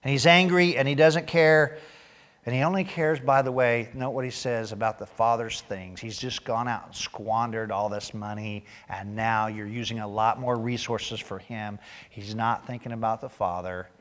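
A man's voice: medium pitch, steady tone, normal speed, fairly bright tone. A male pastor preaching a sermon in a church, talking conversationally and tossing joking asides to the congregation.

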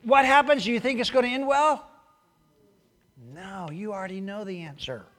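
A man preaching a sermon in a church, acting out quotes loudly and then dropping to quiet asides. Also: high-pitched, normal speed. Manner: animated, acts out quotes loudly, then drops to a hushed aside. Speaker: pastor.

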